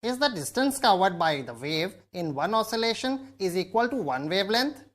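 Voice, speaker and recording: A woman's voice: medium pitch, very animated, moderate pace. A woman in the role of a curious student, asking questions in a scripted educational dialogue.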